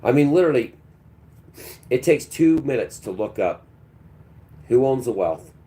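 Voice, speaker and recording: A man's voice: mid-range voice, lively intonation, measured pace, warm tone. A man hosting a livestream, delivering a preachy, combative monologue and talking back to his chat. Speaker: livestream host.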